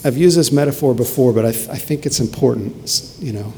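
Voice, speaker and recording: A man's voice: mid-range voice, brisk, dark tone. A male pastor preaching a sermon, earnest and emphatic, repeating key phrases for weight. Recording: long reverb with faint ambient noise.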